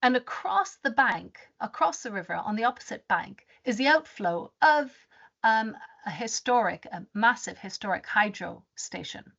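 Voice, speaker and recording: A woman presenting a webinar as a rainforest advisor. She tells her story in an animated way and often restarts her sentences. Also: on the high side, moderate pace, gravelly. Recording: dull lo-fi webinar audio.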